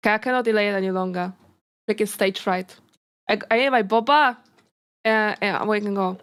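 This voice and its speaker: A woman VTuber chatting casually on a reaction stream, giggly and rambling, often breaking off mid-sentence and bursting into excited remarks. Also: medium pitch, normal speed, pauses often, clean tone. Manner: giggly, rambling, self-interrupting; excitable outbursts.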